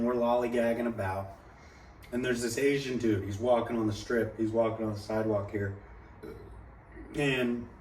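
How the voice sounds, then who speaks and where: A young man telling a story in casual talk, swearing freely and rambling. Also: mid-range voice. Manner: profane, rambling, animated quoting. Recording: echoey room, mic at a distance, faint background noise.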